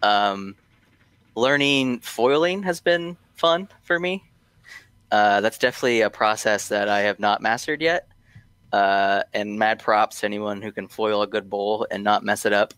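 A man's voice: lowish voice, measured pace, a bit bright, clean tone, no echo. A man guesting on a podcast, talking casually and hesitantly with many ums and restarts. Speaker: guest from a tobacco brand.

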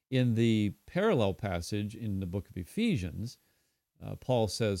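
A middle-aged man giving a devotional Bible teaching, earnest and unhurried, with frequent fillers and restarts. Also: fairly low pitch, animated, dark tone, no room sound.

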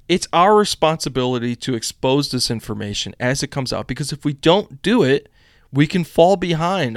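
A man's voice: a little high, no room sound, studio quality. A young man from the United States hosting a casual political live stream, reading news aloud with rambling chatty asides.

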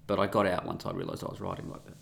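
A man with a low, gravelly voice rambles through a solo podcast monologue. He is sarcastic and mocking, and often drops into a muttering aside. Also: wildly swooping pitch, very fast, a bit bright. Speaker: podcast host.

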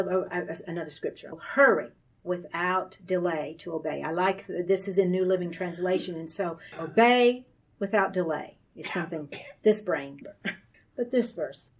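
A woman giving a sermon-style Bible teaching, earnest and confiding, with soft laughs between points. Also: on the low side, far from the mic.

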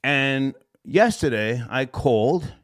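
A man hosting a call-in show, telling a rambling story in a casual, profane, animated way and laughing as he goes. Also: medium pitch, takes it slowly.

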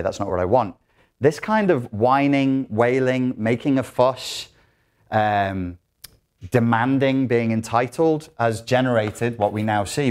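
A man giving a live talk in a lecture room, animated, acting out quotes in other voices. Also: mid-range voice. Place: lecture room in an academic institution.

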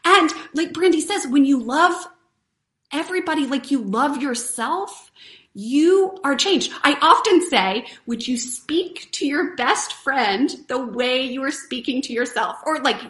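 A woman's voice: sits high, expressive, unhurried, a bit bright. A woman hosting a live stream, giving a casual, earnest motivational talk and chatting with viewers. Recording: roomy echo.

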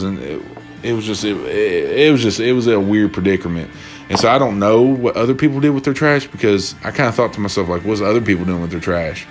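A man hosting a casual solo podcast at home, rambling and cursing as he tells stories and acts out quoted voices. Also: mid-range voice. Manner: profane, rambling, animated storytelling with quoted voices. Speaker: podcast host. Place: at home, drinking bourbon while recording.

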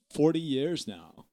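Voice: medium pitch, a little mellow. A performer playing a laid-back male stage manager in his seventies who mumbles in a drawling, unbothered way, in an improv comedy sketch. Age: 70s.

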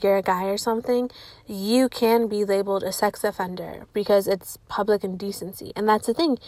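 A young woman chats straight to camera in a casual storytime monologue. Her voice sits a bit high, and the sound is dry and close with no room echo. She is blunt and outspoken, swears freely and leans on "like" between almost every phrase. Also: darkish tone. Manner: profane, filler-heavy talk with constant "like". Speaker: vlogger telling a personal story.

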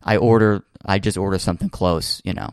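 A man's voice: deep voice, fairly even intonation, a little fast, a little mellow, clean tone, dry recording, studio quality. A young man casually telling a long funny story, full of fillers and restarts. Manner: rambling, many fillers and restarts, laughs while telling. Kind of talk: casual chat.

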